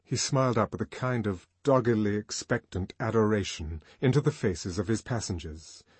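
A man reading a novel aloud as audiobook narrator, in an expressive, varied manner. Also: lowish voice, moderate pace, breathy edge, dry recording.

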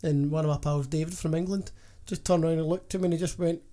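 A man's voice: a little high, steady tone, quick pace, mellow. A Scottish man co-hosting an audio podcast, talking frankly in casual chat and often restarting his sentences. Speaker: podcast co-host. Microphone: audio-only podcast mic.

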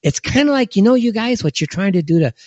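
A man hosting an online opinion show, talking in a heated, scornful way, with his voice jumping high when he is indignant. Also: animated, quick pace, darkish tone, no room sound. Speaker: political commentary host. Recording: dull lo-fi dry recording.

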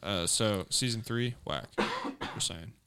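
A man's voice: fairly low pitch, measured pace, background noise. A man in a casual podcast chat, laid-back and calling friends dude.

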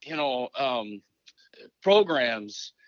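A man's voice: medium pitch, extremely slow, no echo. A former hockey coach from Minnesota, a man, telling stories in a casual interview and acting out remembered conversations. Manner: animated, acts out remembered conversations. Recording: dry, dull lo-fi recording.

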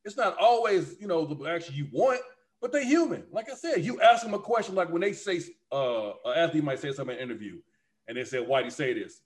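High, lively man arguing his point. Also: quick pace. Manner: emphatic, opinionated, swearing freely. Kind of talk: casual chat.

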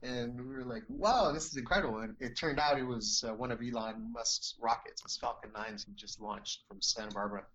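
A man's voice: lowish voice, flat delivery, moderate pace, hardly any pauses, sharp tone, dull audio, a little hiss or hum. A man telling a personal story as an interview guest, earnest and rambling, with many restarts and "you know"s.

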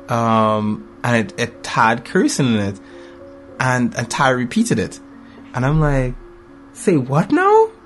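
A man in his thirties telling a story about his kids in casual conversation. His voice sits in a middle pitch and jumps high when he acts out other people. Soft guitar plays behind him.

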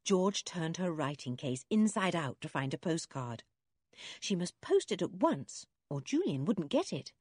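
Lady reading a kids book out loud, husky voice, lots of ups and downs, dry close sound. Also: fairly low pitch, a little slow, dry recording. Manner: expressive, animated reading. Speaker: narrator. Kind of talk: storybook reading.

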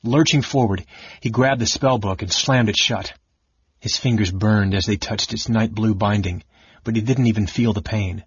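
Husky low-voiced man narrating an audiobook. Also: moderate pace, dry recording, dull audio.

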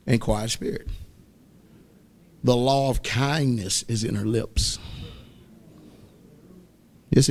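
Male preacher, mid-pitched, swings between loud exhortation and quiet asides. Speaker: pastor. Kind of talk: sermon. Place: church.

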